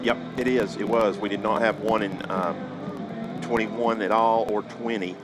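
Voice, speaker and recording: Low-voiced guy talking football, laid back, lots of "you know", music behind. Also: moderate pace, rough recording. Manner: relaxed, drawling, full of hedges and fillers. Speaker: color commentator. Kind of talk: pregame sports commentary. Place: outdoors at a football field.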